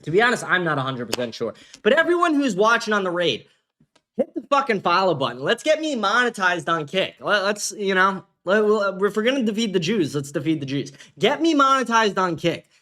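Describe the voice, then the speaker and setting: A man with a fairly high, bright voice hosts his own livestream. He rants in a loose, combative way, swearing constantly. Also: big pitch swings, fairly quick. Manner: profane, combative ranting. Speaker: livestream host. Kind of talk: casual livestream rant.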